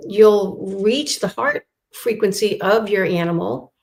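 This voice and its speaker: Woman guest, soothing spiritual tone, mid pitch. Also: gravelly. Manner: slow, soothing spiritual talk. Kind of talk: casual chat.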